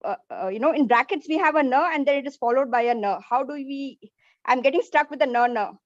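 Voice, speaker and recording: A woman's voice: high-pitched, fast talker, no room sound. Hesitant woman student, dry dull audio. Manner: hesitant, searching for words. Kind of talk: asking questions in an online class. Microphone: video call.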